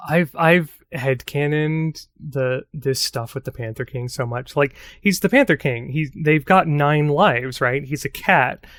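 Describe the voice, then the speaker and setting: A man co-hosting a podcast in casual chat, musing in a relaxed way and trailing off softly. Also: on the high side, takes it slowly, dry recording, clean studio sound. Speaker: podcast co-host.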